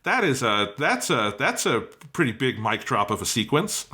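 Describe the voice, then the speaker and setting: Enthusiastic man with a bright voice. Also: medium pitch, big pitch swings, normal speed. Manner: enthusiastic, swears casually, laughs often. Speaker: podcast co-host. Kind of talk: casual review chat.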